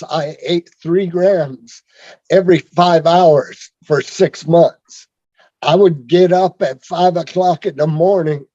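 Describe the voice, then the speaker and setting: A man telling his own story on a video call in a rambling, halting way, with many fillers and restarts. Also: a little high, dark tone, dry recording. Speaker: speaker sharing his story. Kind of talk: rambling personal testimony. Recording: dull lo-fi video call audio.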